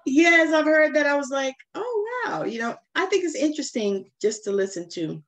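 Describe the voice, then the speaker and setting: A woman's voice: high voice, lively intonation, moderate pace. A woman from Savannah with a Southern US accent, hosting a casual interview, chatty and affirming, laughing often. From Savannah, Georgia, US. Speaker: host.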